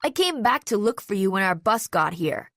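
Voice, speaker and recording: A woman voicing a confident boy with a high-pitched voice in an audiobook. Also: very animated, normal speed, no room sound, studio quality. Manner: confident, bright and firm. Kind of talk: audiobook character voice.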